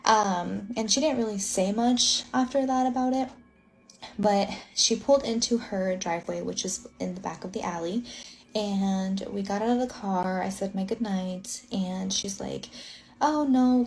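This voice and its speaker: A woman's voice: medium pitch, unhurried. A young adult woman from Illinois telling a personal ghost story in a casual, rambling way, full of filler words.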